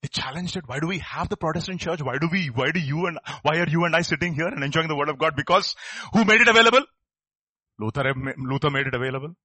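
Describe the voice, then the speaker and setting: A man's voice: on the high side, quick pace, sharp tone, breathy edge, no echo. A man preaching a sermon, asking his listeners rhetorical questions. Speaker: pastor.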